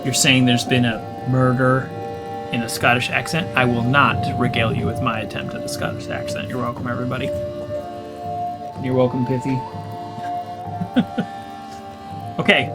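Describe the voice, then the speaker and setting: A gamer giving let's play commentary, thinking aloud and often sounding confused while reading the game's text aloud. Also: mid-range voice. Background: game music.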